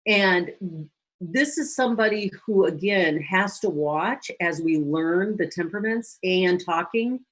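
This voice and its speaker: Lady counselor teaching a church crowd, kinda low husky voice, animated. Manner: lively, acts out short quoted phrases. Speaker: guest speaker and counselor. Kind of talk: teaching talk to a church audience.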